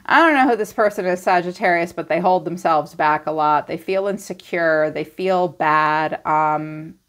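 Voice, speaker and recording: Woman, tarot reader, low-ish voice, blunt and chatty, casual reading style. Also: normal speed. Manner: blunt, chatty, teasing, full of "like".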